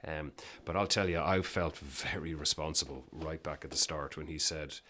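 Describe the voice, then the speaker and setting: A man interviewed as a business guest, telling emphatic, animated anecdotes with frequent restarts in casual conversation. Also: rumbling low, normal speed.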